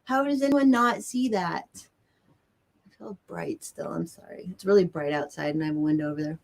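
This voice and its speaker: A woman's voice: on the low side, fast. A woman hosting a casual livestream, chatting with viewers and ranting with a lot of profanity, indoors by a window. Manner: excitable and profane, ranting with nervous laughs. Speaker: livestream host. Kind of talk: casual livestream chat reading viewers' comments. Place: indoors near a bright window.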